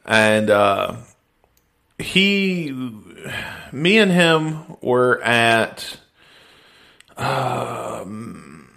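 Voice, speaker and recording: A man from the hosts a podcast in a loose, joking way. His voice is bright and clear, and he swears freely as he spins a story. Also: medium pitch, lively intonation, very slow, long pauses. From Mississippi, US. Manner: storytelling, swearing, laughing often. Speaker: podcast host. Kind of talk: casual podcast chat.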